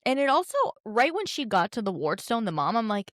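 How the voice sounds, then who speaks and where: A woman's voice: a little high, very animated, fairly quick, no room sound. Young woman, book podcast co-host, casual chat, reads passages aloud dramatically, dry close sound. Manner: retells scenes with dramatic read-aloud, swears freely.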